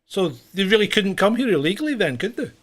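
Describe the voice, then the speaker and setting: A man's voice: high voice, sing-song, fast, fairly bright tone. A man co-hosting a comedic news chat, ranting and questioning. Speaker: co-host.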